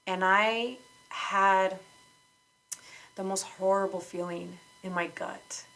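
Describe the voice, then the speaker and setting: A woman's voice: medium pitch, fairly even intonation, slow pace, gravelly, fairly bright tone, rough recording. A woman guest on a podcast, candidly telling her own story in conversation, outspoken and frank, with lots of fillers and restarts.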